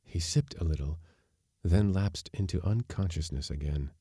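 A male podcast narrator reads a short story in a measured, even manner. His voice is very low and dark in tone. The recording is dry and close, with no room echo. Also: husky. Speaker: audiobook narrator. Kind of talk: scripted narration.

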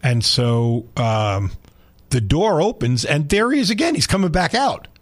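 A man in his sixties, a sports talk radio host, telling a story with lively energy and frequent laughter in a studio. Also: a little high, unhurried.

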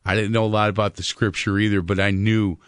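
A man's voice: fairly low pitch, level tone, fast talker, a bit bright, clean tone, no room sound, studio quality. A man hosting a Christian radio talk show, earnest, with many fillers and repeated words.

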